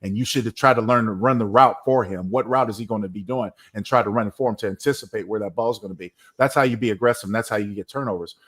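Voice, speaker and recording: Male former-player analyst, quick delivery, emphatic and playful in casual talk. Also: lowish voice. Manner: emphatic, animated, jokey storytelling. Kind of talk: casual sports podcast talk.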